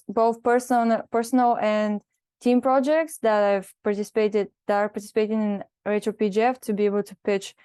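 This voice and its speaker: Casting note: woman with a smooth voice, hesitant, apologetic update, dry video call sound. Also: medium pitch, darkish tone, no room sound. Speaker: community contributor. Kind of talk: online meeting update.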